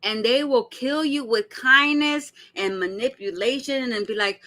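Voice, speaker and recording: A woman hosts a reaction stream, speaking straight to her viewers. Her voice is bright and pitched a little high, and her delivery is blunt and animated, with swearing mixed into the casual chat. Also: unhurried, hardly any pauses. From Arizona. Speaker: commentary host.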